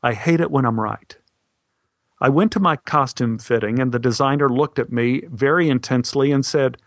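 A middle-aged male actor telling a story in a wry, deadpan way. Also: mid-range voice, moderate pace, no echo. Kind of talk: storytelling monologue.

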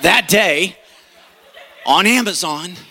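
A man in his thirties preaching a sermon, telling a personal story in an animated way and acting out the voices. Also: high-pitched, slow. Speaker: pastor. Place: church hall. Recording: long hall reverb.

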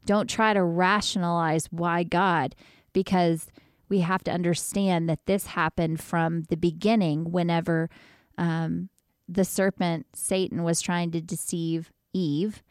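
A woman's voice: on the low side, fairly even intonation, measured pace, smooth, no echo, studio quality. A woman co-hosting a faith podcast, talking earnestly and eagerly with lots of fillers and restarts. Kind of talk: casual faith chat.

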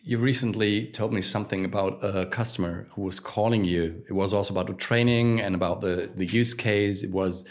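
A man's voice: fairly low pitch, fairly even intonation, a little fast, hardly any pauses. A man hosting a podcast conversation, who prompts his guest with thoughtful questions and asides. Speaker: podcast host.

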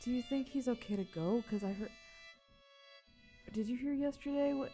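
A woman's voice: on the high side, moderate pace, mellow, faint music behind. A woman narrating a tabletop game as game master, loose and giggly, swearing freely.

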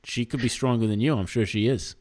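A man's voice: medium pitch, brisk, darkish tone. A man co-hosting a podcast in casual, jokey, rambling chat, laughing often. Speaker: podcast co-host.

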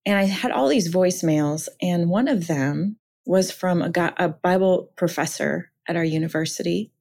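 A woman from Minnesota, an author and counselor, shares her story as a podcast guest. She speaks in a fairly low voice, earnest and reflective as she goes. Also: moderate pace, creaky, a little mellow. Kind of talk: personal testimony in conversation.

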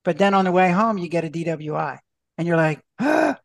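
A man's voice: fairly high pitch, steady tone, fairly quick, vocal fry, no echo. A man, a doctor and author, answering podcast interview questions in a chatty way, full of restarts and acted-out dialogue.

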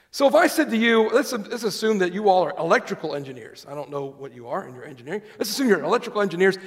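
A man's voice: sits high, vocal fry. A man preaching a sermon to a congregation, reading scripture aloud and putting questions to the listeners. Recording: long hall reverb.

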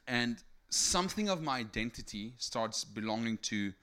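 Speaking at medium pitch and a moderate pace, a young South African man tells his life story as a sermon testimony before a live audience. He tells it with energy, peppering it with "right?" and asking people to raise their hands.

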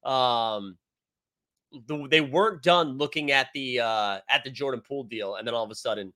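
A man's voice: mid-range voice, moderate pace, pushed and bright. A man hosting a casual live-stream sports show, rambling and joking as he reads viewer comments aloud. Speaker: sports show host reading live chat.

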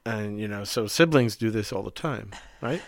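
A middle-aged man co-hosting a relaxed talk, a therapist speaking reflectively and acting out the lines he quotes. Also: lowish voice, moderate pace, vocal fry, dry recording. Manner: reflective, animated, acts out quoted speech. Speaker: podcast co-host, therapist. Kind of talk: casual conversation.

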